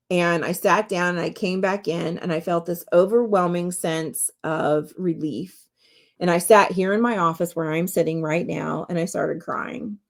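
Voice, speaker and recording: A woman's voice: on the low side, gravelly. A woman podcast host and medium telling a personal story in an earnest, candid, heartfelt way from her home office.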